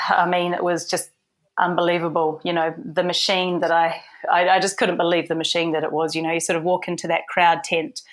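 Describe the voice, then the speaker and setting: Chatty low-voiced New woman. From New Zealand. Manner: chatty, frequent "you know" fillers. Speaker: guest, hair and makeup artist. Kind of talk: casual storytelling interview.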